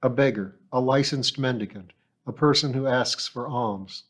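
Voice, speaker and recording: A man voicing a guarded young man who answers quietly and plainly, with short, matter-of-fact replies. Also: mid-range voice, moderate pace, natural voice.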